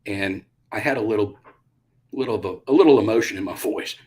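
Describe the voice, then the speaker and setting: Man, low voice, middle-aged, casual interview storytelling, animated with punchy quotes. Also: a little fast. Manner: animated, acts out quotes with bursts of loudness. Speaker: guest, retired Army pilot.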